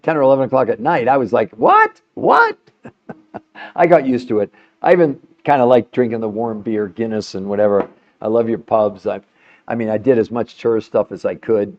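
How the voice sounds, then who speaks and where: The muffled recording captures an older man with a slightly mellow, mid-range voice hosting a health show. He chats casually and animatedly with a live caller, laughing a lot and addressing her by name.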